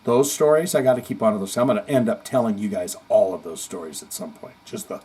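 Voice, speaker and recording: A man's voice: fairly low pitch, fast, dark tone, husky, poor audio. Chatty man reading viewer comments. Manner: chatty, rambling asides. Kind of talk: casual chat.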